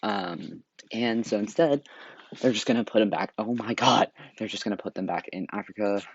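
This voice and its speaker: A man's voice: fairly low pitch, fairly quick, a little mellow, lo-fi sound. A tired, slightly breathless young man explaining history late at night in a rambling, sarcastic way with lots of fillers, recorded through wireless earbuds. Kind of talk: casual study narration.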